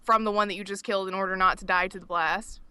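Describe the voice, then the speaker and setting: Southern woman co-host, bright and a bit high, dry close mic, casual swearing chatter. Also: steady tone, fast talker, clear, resonant tone, no room sound. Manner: laughing, teasing, swears freely. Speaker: podcast co-host. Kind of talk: casual podcast chat.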